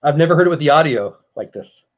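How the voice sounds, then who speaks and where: A man's voice: fairly high pitch, expressive, fast talker, muffled recording, a little hiss or hum. Chatty man hosting a live stream. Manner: chatty, reads and answers chat, emotional. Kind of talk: casual live-stream chat.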